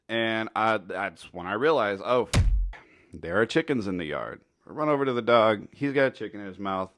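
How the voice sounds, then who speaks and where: A man's voice: medium pitch, a bit bright, no room sound, clean studio sound. A man telling a funny story in a casual, rambling, foul-mouthed way. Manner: laid-back, profane, rambling. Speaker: storytelling commentator.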